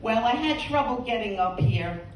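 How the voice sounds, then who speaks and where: A woman's voice: fairly high pitch, expressive, moderate pace, slight background noise. A woman doing a bawdy stand-up routine, teasing the audience and laughing at her own jokes. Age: 80s. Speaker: stand-up comedian. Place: comedy stage before a live audience. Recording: roomy, distant stage sound.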